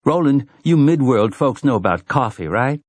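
A man's voice: medium pitch, expressive, normal speed, dry recording, voice pushed up, lightly acted. A man voicing a brassy, teasing grown woman traveler in a storybook reading, with a sassy drawl.

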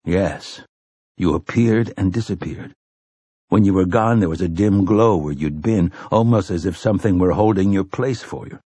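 A man voicing a grim, laconic gunslinger in a storybook reading, speaking terse and measured. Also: low-pitched, warm tone, slightly rough, no echo. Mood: grave.

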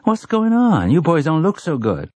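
A man's voice: on the high side, wildly swooping pitch, normal speed, a little mellow, breathy edge, no room sound, pitched above the performer's own voice, full character voice. A man voicing a brassy, teasing grown woman traveler in a storybook reading, with a sassy drawl.

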